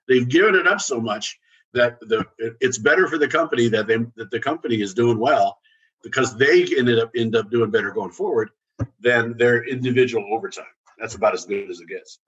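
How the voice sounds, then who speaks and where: A man speaking as a consultant guest, telling an anecdote in a halting, chatty way with restarts. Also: medium pitch, expressive, a bit bright, slightly rough, lo-fi sound. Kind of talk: storytelling in conversation.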